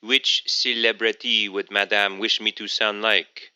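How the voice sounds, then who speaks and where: A man's voice: lowish voice, flat delivery, unhurried, sharp tone, smooth, highs cut off. A man voicing a male AI phone companion who speaks politely and formally. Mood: suave.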